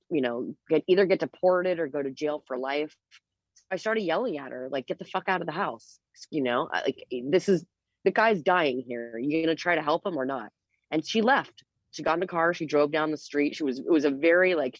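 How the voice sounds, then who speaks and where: A woman with a notably low voice tells her story casually and candidly, filling her sentences with "like" and "um." The sound is close and dry, with no room around it. The audio is a bit dull and muffled. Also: no room sound. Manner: animated, candid, with frequent fillers. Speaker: interview guest.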